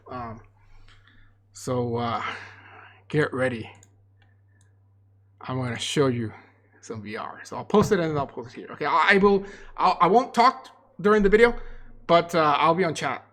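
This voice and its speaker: A young man teaches in a relaxed livestream lecture, his voice sitting a little high for a man. He explains loosely, repeating words and restarting sentences as he works through ideas.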